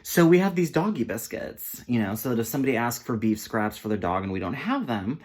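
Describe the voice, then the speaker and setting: A man telling a funny story to camera, sassy and animated, calling listeners honey and girl. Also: medium pitch, a little fast.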